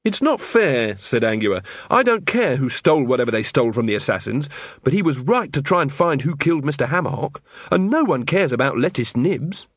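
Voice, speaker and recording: A man voicing a blunt, sharp young female watch officer. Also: medium pitch, sing-song, fairly quick, husky, no room sound. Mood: indignant.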